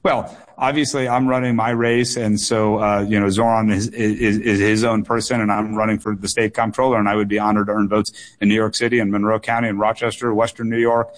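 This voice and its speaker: Earnest man with a low voice. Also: level tone, fairly quick, hardly any pauses. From United States. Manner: earnest, with frequent restarts and repeated words. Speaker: political candidate guest. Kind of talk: radio call-in interview.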